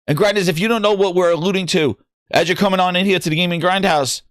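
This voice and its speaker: A man hosting a gaming news livestream, ranting and joking with mock skits and shouting out viewers. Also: high-pitched, fast, no room sound, studio quality. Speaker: livestream host.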